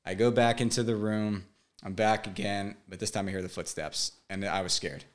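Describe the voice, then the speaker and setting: Low-voiced young man telling his story. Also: steady tone. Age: 20s. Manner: halting and emotional, repeats words. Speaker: podcast guest. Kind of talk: personal storytelling.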